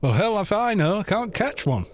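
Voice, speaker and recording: A man putting on a deadpan American farmer. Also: high-pitched, moderate pace, voice pushed up. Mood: folksy. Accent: put-on American. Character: folksy American farmer, dry-witted man.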